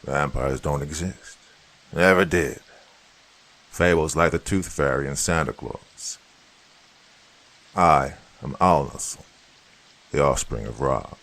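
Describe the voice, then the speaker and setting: A man doing a deep, slow, smug creature man. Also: a bit bright, full character voice. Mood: cold, smug. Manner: slow, low, measured delivery. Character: menacing, suave male creature, deep and calm.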